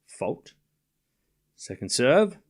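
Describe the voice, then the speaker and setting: A man's voice: mid-range voice, big pitch swings, very slow, breathy edge. A man hosting a live tennis watchalong stream, calling the score and chatting casually with his viewers between points. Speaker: livestream host.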